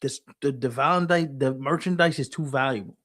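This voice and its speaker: A man co-hosting a casual sports podcast, animated and acting out quoted people as he talks. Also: mid-range voice, fairly quick. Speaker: podcast co-host.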